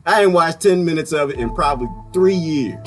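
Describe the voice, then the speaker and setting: A man ranting in a casual vlog, swinging from loud outbursts to quiet mutters and laughing often, with folksy talk. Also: fairly high pitch, fairly quick, faint music behind. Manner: folksy, uses "y'all". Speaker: vlogger. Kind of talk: ranting monologue.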